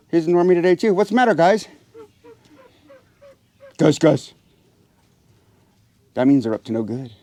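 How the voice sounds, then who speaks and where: A man's voice: mid-range voice, a little mellow. A man hosting a casual farm vlog from outdoor aviary pens, chatting to viewers and talking to his birds in a raised, coaxing voice. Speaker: pheasant farmer and channel host. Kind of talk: casual vlog narration while doing chores.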